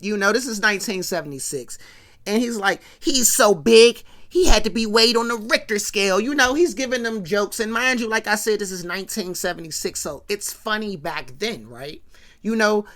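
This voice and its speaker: A woman's voice: medium pitch, a bit bright. A woman giving a chatty, slangy recap of an old sitcom episode, with asides to her viewers. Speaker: vlogger.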